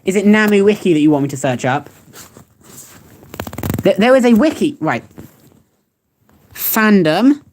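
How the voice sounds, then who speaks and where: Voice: medium pitch, expressive, a little slow, pauses often, darkish tone, a little hiss or hum. A young adult streamer chatting casually while reading search results aloud, rambling and laughing at what they find. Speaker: streamer reacting to web searches. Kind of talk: casual chat.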